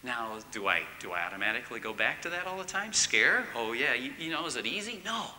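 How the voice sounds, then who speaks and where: Animated middle-aged man preaching in a hall. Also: mid-range voice, brisk, a little hiss or hum. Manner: animated, swings from loud emphatic to hushed near-whisper. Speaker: marriage course speaker. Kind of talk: church teaching talk. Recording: long reverb in a large hall.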